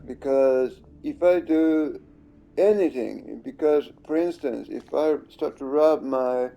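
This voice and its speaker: A man's voice: fairly high pitch, dark tone. A man giving casual, rambling commentary over his own gameplay, accusing and swearing at the screen.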